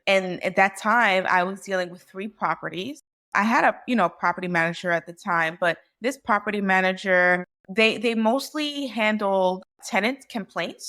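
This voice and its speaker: A woman in her thirties, a physician guest, talking through a personal story in an animated, conversational way with frequent "like" and "right?". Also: mid-range voice. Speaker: physician and real estate investor guest. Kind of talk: casual podcast storytelling.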